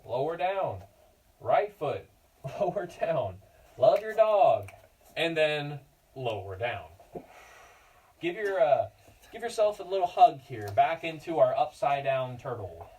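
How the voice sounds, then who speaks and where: A man's voice: fairly high pitch, very animated, unhurried, recorded from a distance, very noisy. A man teaching a yoga class for children, giving cues in an encouraging, playful way and chatting to his dog between poses. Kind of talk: guiding a kids yoga class.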